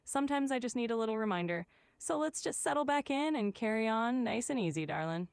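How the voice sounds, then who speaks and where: A woman's voice: fairly high pitch, animated, brisk, no room sound. A woman's voice as an AI voice assistant, polite and soothing, calling the listener sugar and darling. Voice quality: polite, soothing, evenly friendly. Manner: claims a Southern drawl with pet names. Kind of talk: scripted assistant chat.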